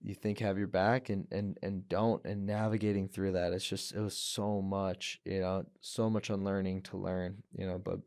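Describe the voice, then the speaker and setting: A man with a low-pitched voice speaks earnestly as a podcast guest. He tells his story in a candid, searching way and often doubles back on his words. The sound is close and dry. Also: level tone, normal speed, few pauses, a little mellow, dry recording. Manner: earnest, repeats words, acts out voices when quoting people. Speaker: podcast guest, professional fighter. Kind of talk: candid interview talk.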